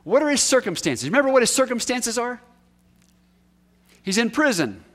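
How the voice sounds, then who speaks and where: A high-voiced male preacher gives a conversational sermon, often asking the listeners questions. He leans hard on key words, then drops to a near hush to let points land, speaking in a sing-song way at a moderate pace as he swings from raised highs to hushed lows.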